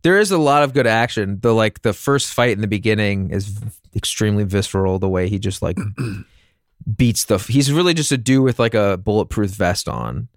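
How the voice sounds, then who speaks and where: A man's voice: fairly low pitch, normal speed, dry recording, clean studio sound. A man co-hosting a podcast, chatting animatedly about films with laughs. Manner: animated, laughing film talk. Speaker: podcast co-host. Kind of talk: casual chat.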